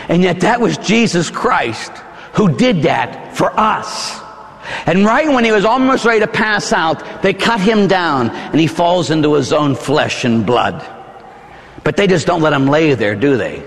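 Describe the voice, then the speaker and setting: A man preaching a dramatic sermon in a church hall, telling the story vividly and theatrically with sudden shouts. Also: on the high side, animated, measured pace, creaky.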